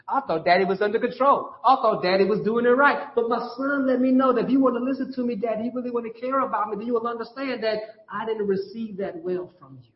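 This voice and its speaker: High-voiced preaching man in an echoey hall. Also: dull audio. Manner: earnest, conversational preaching with repetition. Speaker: pastor. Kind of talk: sermon.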